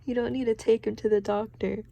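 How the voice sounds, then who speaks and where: A woman's voice: a little high, little pitch movement, fairly quick, gravelly, warm tone. Patrick, a goofy starfish playing doctor, read by a woman. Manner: breaks into laughter while reading. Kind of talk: storybook read-aloud.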